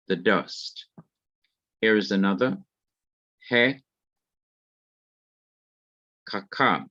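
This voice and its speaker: A man teaching a Hebrew grammar class, speaking deliberately, spelling out terms and repeating examples. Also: fairly low pitch, a bit bright, dry recording. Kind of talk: slow grammar lecture. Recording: dull, lo-fi, dry recording.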